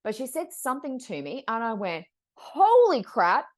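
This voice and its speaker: On a podcast recording, a psychic medium shares expressive, animated stories and imitates the people she describes. Her voice is a little high and a little fast.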